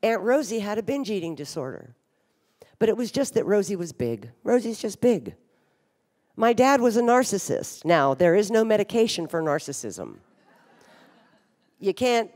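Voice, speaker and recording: Speaking from the stage of a large hotel ballroom, a woman in her fifties gives a candid, wry, funny talk about her own life at a recovery conference, occasionally swearing bluntly. Her mid-range voice has a darkish tone, swings widely in pitch, and moves at a normal speed. The ballroom adds plenty of reverb to the recording.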